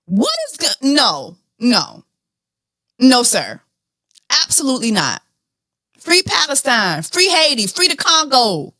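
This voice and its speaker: A woman hosting a podcast, talking through celebrity news in an animated, blunt, profane way. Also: on the high side, slow pace, pauses often, dry recording, studio quality. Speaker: podcast host. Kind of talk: casual celebrity news chat.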